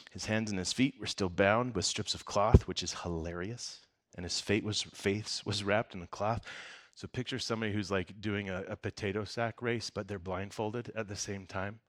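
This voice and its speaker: Joking, conversational man preaching, low-voiced. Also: steady tone, moderate pace, few pauses. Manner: conversational and joking, breaks into laughter; swings from soft, low passages to loud emphasis. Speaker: pastor. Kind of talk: casual sermon with Bible reading.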